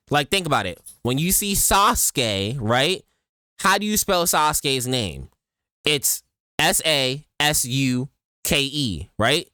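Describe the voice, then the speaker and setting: A man chatting casually as he reacts to a game trailer, loose and slangy, with sudden excited outbursts. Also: medium pitch, slow, dry recording, clean studio sound. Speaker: reaction streamer.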